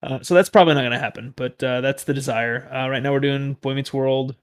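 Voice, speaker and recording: A man's voice: medium pitch, steady tone, fast talker, clean tone. A man co-hosting a podcast, a parent talking casually in long rambling stories. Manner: rambling, self-correcting storyteller. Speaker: podcast co-host. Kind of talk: casual chat.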